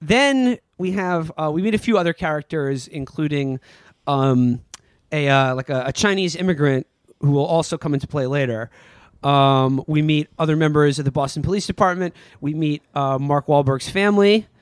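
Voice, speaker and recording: A man's voice: fairly high pitch, normal speed, smooth, dry recording. A man co-hosting a comedy podcast, rambling through a movie plot with fillers and jokes. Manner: rambling storytelling with frequent fillers and mock voices. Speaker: podcast co-host. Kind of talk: casual comedic movie review chat.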